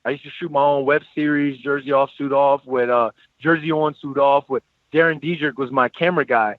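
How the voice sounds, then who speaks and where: A man's voice: mid-range voice, normal speed, no echo. Man on a tinny phone-like line. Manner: animated storyteller, slangy, repeats phrases. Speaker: podcast guest, former football player. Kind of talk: casual storytelling interview.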